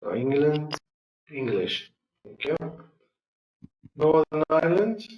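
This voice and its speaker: A man's voice: a little high, lively intonation, takes it slowly, echoey room, recorded from a distance, muffled recording, slight background noise. A male English teacher leading a classroom lesson, patiently prompting students and repeating their answers.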